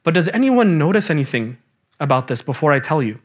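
A young man teaching a Quran class in a lively, casual way, quizzing his students as he goes. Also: on the high side, a little fast. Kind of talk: classroom lecture.

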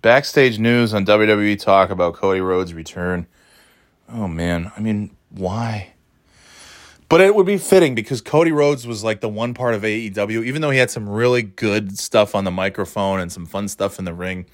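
A lowish-voiced man hosts his own podcast at a moderate pace, chatting solo in a casual way. He rambles, swears freely, and laughs often.

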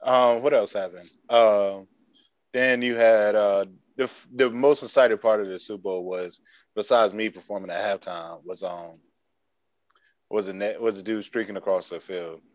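A man's voice: lowish voice, steady tone, normal speed, no room sound. A man in casual chat as a podcast co-host, joking, blunt and profane. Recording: dull lo-fi sound.

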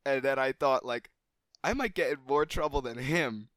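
A man co-hosting a podcast, telling a childhood story in a casual, animated way and swearing freely. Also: normal speed, no room sound, studio quality. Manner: animated, gets louder and higher at the story's climax. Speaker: podcast co-host.

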